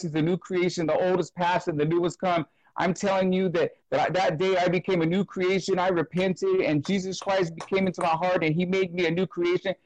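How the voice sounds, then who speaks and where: Earnest man giving halting testimony. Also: high-pitched, dry recording, low-quality recording. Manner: halting, repeats words and restarts, earnest. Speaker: interview guest sharing testimony. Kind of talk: emotional personal testimony.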